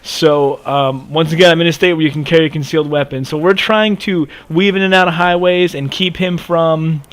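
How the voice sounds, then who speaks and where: A man in his twenties telling a story in a casual, animated way over gameplay, with lots of cursing and emphasis. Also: a little high, brisk. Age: 20s. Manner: animated, profane, emphatic ranting. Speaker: gaming video creator.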